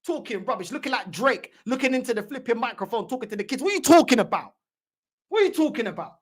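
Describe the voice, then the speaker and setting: A woman's voice: a little high, very animated, fast talker. A woman hosting a fan channel, giving mocking, heated reaction commentary and repeating her points.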